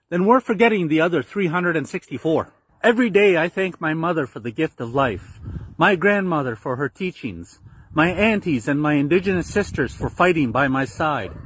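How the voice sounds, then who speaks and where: A man speaks in a calm, measured and heartfelt way, delivering a sincere message. His voice sits a little high and is recorded dry and close, with no room sound. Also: no echo. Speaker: Indigenous man sharing a message. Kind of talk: earnest spoken message.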